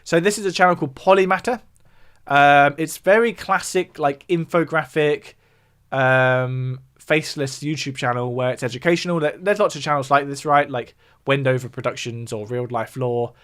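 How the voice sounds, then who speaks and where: A man's voice: on the high side, normal speed, a bit bright, clean tone. A man from the south of England with a southern English accent, chatting casually on a livestream, explaining things and responding to viewer chat. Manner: explanatory, reacts to viewer chat between points. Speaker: music YouTuber hosting a livestream.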